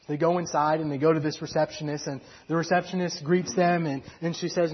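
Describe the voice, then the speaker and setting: A man's voice: a little high, little pitch movement, quick pace, hardly any pauses, breathy edge, lo-fi sound. A man preaching, retelling a story in a conversational way with fillers and acted quotes. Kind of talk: sermon storytelling.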